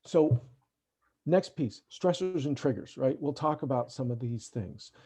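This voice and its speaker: A man's voice: mid-range voice, expressive, unhurried, dark tone, husky. A man giving a parenting workshop over a video call, talking conversationally and often checking in with "right?". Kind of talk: online parent workshop talk. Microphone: computer mic on a video call.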